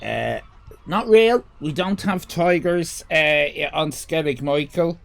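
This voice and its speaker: An Irish man in his fifties hosting a comic livestream, rambling crudely with sudden shouted bursts. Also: fairly high pitch, slow pace, creaky, noisy background. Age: 50s. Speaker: comedy livestream host. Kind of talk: improvised comic monologue.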